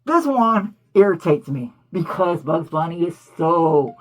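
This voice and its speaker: A woman hosting a cartoon commentary, talking in an animated, indignant way full of rhetorical questions. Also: lowish voice, unhurried. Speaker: host.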